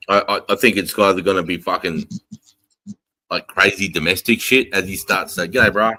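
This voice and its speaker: A man's voice: low-pitched, steady tone, normal speed, pushed and bright, no room sound, low-quality recording. A man hosting a live stream, talking in a casual, profane and heated way.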